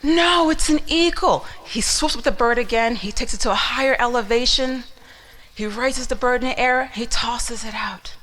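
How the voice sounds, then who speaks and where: A woman's voice: fairly high pitch, fairly even intonation, normal speed, a bit bright. A woman giving a motivational talk, telling a story dramatically and asking the listener questions. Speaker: motivational speaker.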